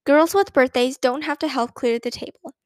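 A woman voicing a patient, kindly mother in a storybook reading, gentle and reassuring. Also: high voice, moderate pace, no echo, clean studio sound, lightly acted. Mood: matter-of-fact.

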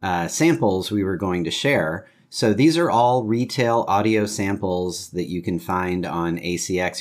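A man hosting a podcast in a relaxed, chatty way. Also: low-pitched. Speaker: podcast host. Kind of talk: casual chat.

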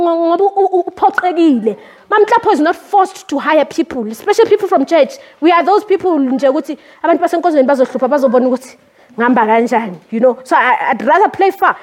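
A middle-aged woman preaching a sermon, animated and switching languages with sudden rises in pitch. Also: brisk.

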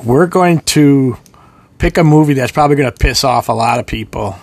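A man's voice: medium pitch, moderate pace, breathy edge. A man co-hosting a casual movie podcast, laid-back and joking. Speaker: podcast co-host.

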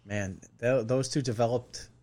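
A man's voice: mid-range voice, steady tone, unhurried, crowd noise. A middle-aged man in casual banter with friends, teasing bluntly and swearing freely.

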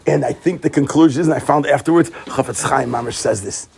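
Over background noise, a man speaks fast at medium pitch with vocal fry as he delivers an animated Torah lecture. Emphatic and full of repetition and rhetorical questions, he shifts between soft asides and near shouts.

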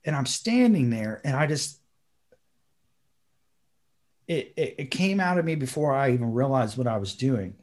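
A man co-hosting a podcast, telling a story in casual chat and acting out the quotes with sudden high bursts. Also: expressive, normal speed, long pauses, darkish tone. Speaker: podcast co-host.

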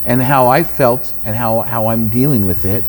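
A man chatting casually as co-host, telling family stories and getting animated when he quotes people. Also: medium pitch, moderate pace. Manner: storytelling, animated when quoting others. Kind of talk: casual chat. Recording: faint background noise.

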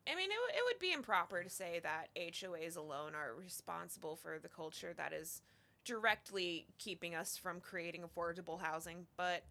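A woman's voice: fairly low pitch, animated, normal speed, creaky, bright, forceful tone. A woman co-hosting a podcast, chatting casually and tossing in sarcastic quips and swears. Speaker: podcast co-host. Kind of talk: casual chat.

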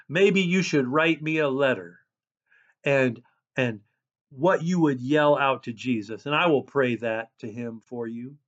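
A man preaching a sermon as a pastor, reading scripture and describing himself as a loud person. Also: mid-range voice, lo-fi sound.

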